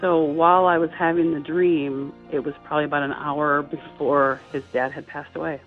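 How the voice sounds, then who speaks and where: A middle-aged woman earnestly telling a personal story as a guest, slipping into higher voices when she quotes people. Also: normal speed, soft background music. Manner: earnest, lively quoting of dialogue with high acted voices. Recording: tinny phone-like line.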